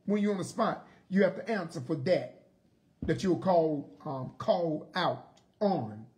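Bible study preacher, lively rising and falling delivery, emphatic repetition, mid pitch. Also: measured pace. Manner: emphatic, with rhetorical questions and repetition.

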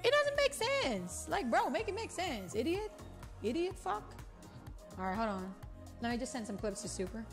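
High, animated profane woman streamer. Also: moderate pace. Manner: excitable, profane, trash-talking chat. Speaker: game streamer. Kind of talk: live gameplay stream commentary. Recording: game music audible behind.

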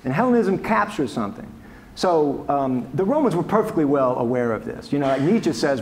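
A man's voice: fairly high pitch, very animated, brisk, a little mellow, a little hiss or hum. A man, a historian, answering audience questions after a lecture in a conversational, wry way, with frequent restarts and asides. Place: lecture hall.

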